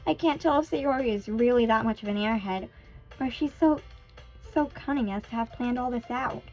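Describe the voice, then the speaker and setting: A woman's voice: fairly high pitch, fairly quick, darkish tone, soft background music. A young woman reading a visual novel aloud, chatting between the lines with self-conscious, giggly asides. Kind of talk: casual let's-play narration with character voices.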